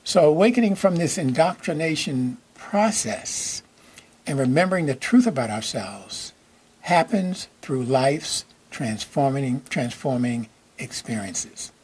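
A man with a very husky, breathy voice delivers a sermon to his congregation. His pitch sits in an ordinary middle range, and he repeats key lines slowly and checks in with "okay?" again and again. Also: expressive, a little mellow. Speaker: minister.

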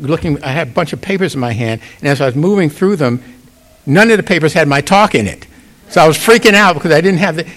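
A man's voice: fairly high pitch, a bit bright. Conversational man giving a casual sermon. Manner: conversational, asks "you get it?". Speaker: pastor. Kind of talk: informal sermon.

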